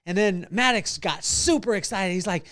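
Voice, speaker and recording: A middle-aged man hosting a devotional podcast, telling a personal story with animated delivery and acted-out voices. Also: high voice, normal speed. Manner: animated, acts out voices in stories. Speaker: podcast host.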